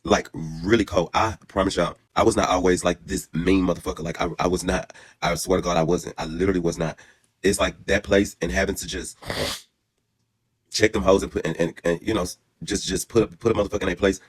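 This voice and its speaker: A man in his thirties telling a story in a casual, animated way, brassy, profane and dramatic, then calmer and reflective. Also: low-pitched, a little fast, slightly rough. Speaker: storyteller vlogger.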